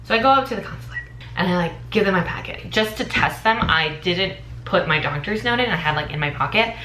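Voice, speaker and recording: A young American woman in her twenties vlogging, telling a story with animated, dramatic energy. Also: fairly low pitch, brisk, slight background noise. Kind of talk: casual storytime vlog. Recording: echoey room.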